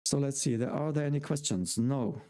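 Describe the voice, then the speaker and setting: A man's voice: mid-range voice, normal speed, mellow. A man with a German accent hosting a live question-and-answer stream, rambling and hesitant with many fillers and restarts. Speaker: host.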